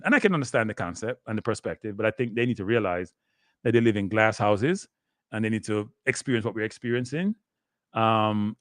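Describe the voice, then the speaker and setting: Recorded with studio quality and no echo, this medium-pitched older man speaks with a Jamaican accent while hosting a rambling live sports talk stream. He slips into patois and keeps turning to his viewers with "people."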